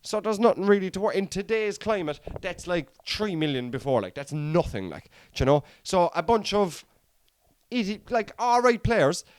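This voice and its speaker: Blunt, high-voiced football pundit man. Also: very animated, normal speed, clean tone, no echo. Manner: blunt, rambling, rhetorical questions. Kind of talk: casual opinionated football preview.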